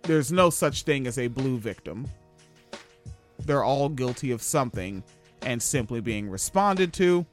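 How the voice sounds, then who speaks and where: Lively sarcastic man hosting a podcast. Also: mid-range voice, measured pace, soft background music. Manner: sarcastic, profane, jokey. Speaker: podcast host. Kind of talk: casual news commentary.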